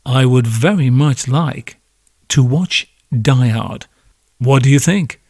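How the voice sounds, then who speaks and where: A man's voice: mid-range voice, slow pace, a little mellow, dry recording, clean studio sound. A man hosting a podcast, delivering a sarcastic comedic monologue that builds into sweary rants. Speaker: podcast host.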